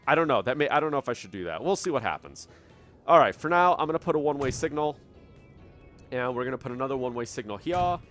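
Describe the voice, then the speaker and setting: A man's voice: mid-range voice, lively intonation, fast, fairly bright tone, soft background music. A man giving casual commentary on his own train-building game, thinking aloud and puzzling over problems as he plays. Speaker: gameplay commentator. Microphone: studio dynamic microphone.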